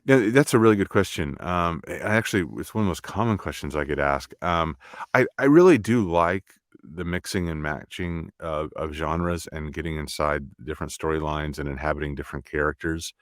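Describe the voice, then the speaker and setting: Man, very deep voice, from the American South, halting speech, dry sound. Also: no echo. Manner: halting, with many restarts. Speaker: audiobook narrator, guest. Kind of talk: casual interview chat.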